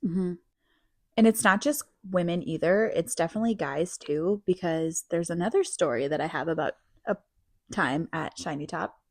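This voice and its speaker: A woman's voice: on the low side, moderate pace. A woman co-hosting a podcast, telling a long, rambling personal story in a casual, filler-heavy way. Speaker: podcast co-host.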